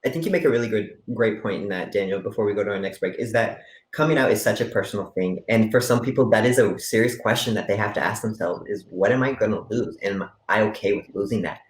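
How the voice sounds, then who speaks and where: A man hosting a panel talk, summing up points quickly before a break. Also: on the low side. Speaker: podcast host. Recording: roomy echo.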